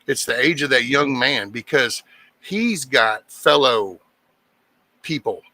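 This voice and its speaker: A man's voice: mid-range voice, expressive, takes it slowly, bright, forceful tone, no echo. A man hosting a casual chat, rambling and restarting his sentences, swearing now and then. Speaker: host.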